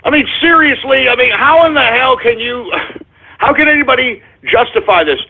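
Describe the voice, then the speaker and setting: Man, talk radio host, angry rant, high husky voice, tinny phone-like sound. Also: moderate pace. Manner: angry, cursing, frequent sighs and restarts. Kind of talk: ranting call-in radio monologue.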